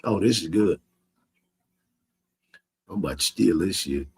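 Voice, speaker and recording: A man's voice: low-pitched, expressive, measured pace, gravelly, husky. A man in a profane livestream rant, cursing heatedly and mocking his critics with bursts of laughter. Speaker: social media streamer.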